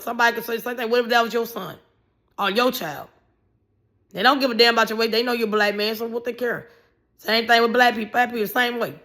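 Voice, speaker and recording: Blunt, animated woman ranting. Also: a little high. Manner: animated, blunt, swears freely, raises voice in bursts. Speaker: vlogger. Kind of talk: casual ranting commentary.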